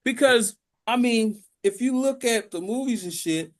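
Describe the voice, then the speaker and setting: Speaking a little slowly in a very high voice, this man co-hosts a casual podcast chat, spinning profanity-laced tales and slipping into funny voices.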